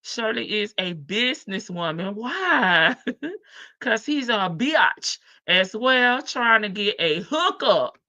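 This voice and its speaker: A woman's voice: mid-range voice, very animated, slow pace, bright, forceful tone, no room sound. A woman hosting a casual commentary livestream, chatty and sassy, laughing often. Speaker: live-stream host.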